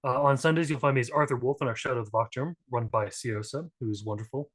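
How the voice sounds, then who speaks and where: A man's voice: mid-range voice, fast talker. A man introducing himself on a tabletop gaming stream, rambling and joking, often interrupting himself. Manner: rambling, self-interrupting, jokey. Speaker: tabletop game player and game master.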